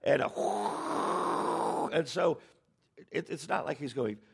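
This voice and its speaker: Male pastor preaching, heavy vocal fry, husky tone, animated delivery. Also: on the high side, normal speed. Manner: animated preaching with dramatic quotes. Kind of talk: sermon.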